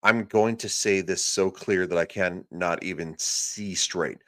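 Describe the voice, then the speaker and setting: A man hosting a podcast, loudly yelling and swearing through a political rant. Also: sits low, unhurried. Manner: loud, profane, yelling. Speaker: podcast host. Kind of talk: ranting political commentary.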